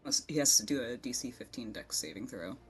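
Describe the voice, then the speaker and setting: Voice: medium pitch, animated, brisk, soft background music. A player in a tabletop game, talking casually and asking easygoing questions as they plan their moves.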